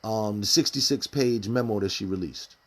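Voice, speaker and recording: Speaking at a moderate pace in a voice on the low side, this man gives casual commentary on a live stream as a community commentator. Rhetorical questions in street slang come one after another.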